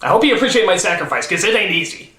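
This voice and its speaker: Sarcastic male critic, rants and yelps, lively voice, roomy sound with music. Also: high-pitched, rapid-fire. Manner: sarcastic, explosive, shouting outbursts. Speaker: comedic film critic. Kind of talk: comedic review rant.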